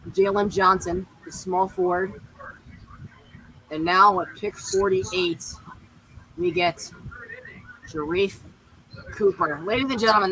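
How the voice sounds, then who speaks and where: A man's voice: high-pitched, pushed and bright, slight background noise, poor audio. A man with a Southern US accent hosting a casual sports chat stream, upbeat, with announcer-style hype calls. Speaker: host.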